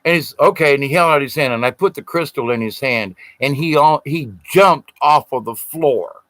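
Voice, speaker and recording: A middle-aged man tells a long personal story in a rambling, earnest way. His voice sits a little high and sounds bright and forward. The recording is dry and close. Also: moderate pace, no room sound, poor audio. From Southern United States. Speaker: spiritual storyteller. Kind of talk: casual storytelling.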